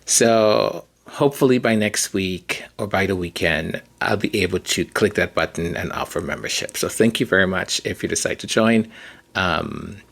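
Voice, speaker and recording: A man's voice: sits low, normal speed, vocal fry, fairly bright tone. A man hosting a podcast in a casual, rambling, hesitant monologue. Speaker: podcast host.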